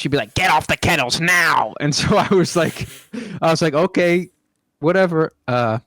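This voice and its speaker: Rambling and casual, a young adult podcast host fills his chat with swearing and filler words. His mid-range voice comes through a dry recording with clean studio sound.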